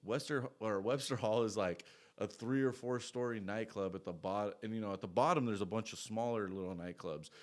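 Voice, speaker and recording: A man's voice: fairly low pitch, fairly quick. Man, casual monologue storyteller, profane and rambling, lots of asides.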